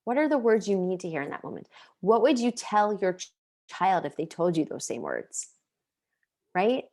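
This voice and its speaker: A woman's voice: medium pitch, very animated, moderate pace, darkish tone. A woman in her thirties teaching an online parenting class, earnest and full of questions, sharing personal stories. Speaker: parenting coach.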